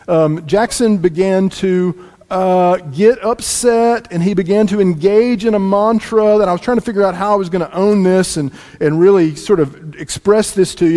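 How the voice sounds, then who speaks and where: A man preaching a sermon as pastor, telling a family story with lively shifts between loud lines and quiet asides. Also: sits high. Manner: animated, swings from loud to hushed asides. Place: church sanctuary. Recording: long reverb in a large room.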